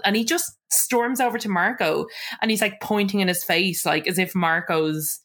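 A woman co-hosting a casual chat podcast, recapping events like a storyteller. Her voice sits on the lower side, and she talks loosely with frequent laughter. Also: moderate pace, hardly any pauses, a bit bright. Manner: chatty storyteller who laughs often. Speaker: podcast co-host recapping a reality show.

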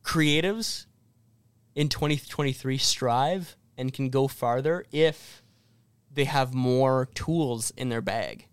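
A man hosting a music business podcast, chatting casually and prompting his guest with quick jokes. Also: mid-range voice, clean tone, no echo. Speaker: podcast host. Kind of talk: casual chat.

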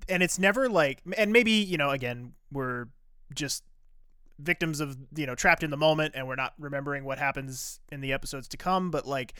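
A man's voice: on the high side, normal speed, bright, forceful tone, clean tone, no echo, clean studio sound. A man co-hosting a podcast, recapping a TV episode in casual chat, rambling with frequent "uh" fillers and restarts.

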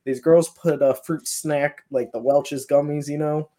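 A man's voice: a little high, fairly even intonation, a little slow, warm tone. Rambling man telling paranormal stories. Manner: loose and rambling, with many fillers and restarts. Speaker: paranormal investigator guest. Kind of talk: casual storytelling.

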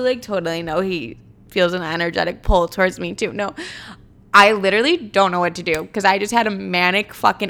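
A young woman talks straight to camera in a casual storytime, blunt and self-mocking. Her talk is littered with swearing and "like". The voice sits at a middle pitch for a woman. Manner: lively, many "like" fillers. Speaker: vlogger.

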